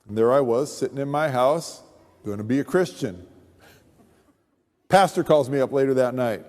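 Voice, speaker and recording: A man who is a pastor, giving his testimony as an animated storyteller who acts out the voices. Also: medium pitch, normal speed. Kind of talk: sermon testimony. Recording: long reverb of a large hall.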